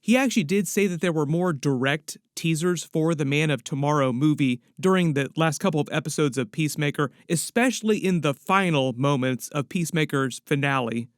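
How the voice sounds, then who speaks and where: A man's voice: on the high side, a little fast, hardly any pauses, no echo, clean studio sound. A man giving casual, chatty commentary on a show, often saying "like" as he speculates. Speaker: YouTube pop-culture commentator.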